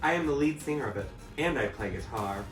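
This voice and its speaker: A man's voice: medium pitch, animated, fairly quick. A man, a drag performer, giving a campy, comic dramatic reading of a fanfic and breaking into laughter. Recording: echoey room, mic at a distance, faint music.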